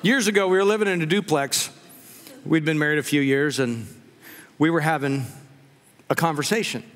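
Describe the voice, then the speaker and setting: A man preaches to his congregation, and his voice sits high for a man. He moves through jokes and personal stories in an easy, conversational way. His words ring out with a long reverb in a church hall. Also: moderate pace, a bit bright, slight background noise. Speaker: pastor. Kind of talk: humorous sermon. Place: church sanctuary.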